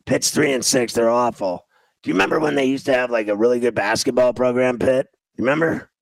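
A gravelly-voiced man hosts a sports talk show and rants about a game he is watching. He is exasperated and repeats himself often. The recording is close and dry. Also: medium pitch, a little fast, no echo, rough recording. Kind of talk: casual sports radio chat while watching a game.

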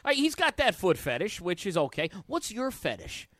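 A man's voice: high voice, huge pitch swings, moderate pace, a bit bright, dry recording. A man co-hosting a radio show, teasing the others in jokey banter. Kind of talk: casual studio banter.

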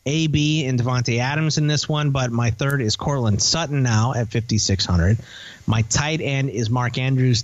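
A man's voice: medium pitch, dry recording, lo-fi sound. Man rattling off fantasy football picks. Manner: rambling, teasing, lists names quickly. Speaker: podcast co-host. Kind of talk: casual fantasy football chat.

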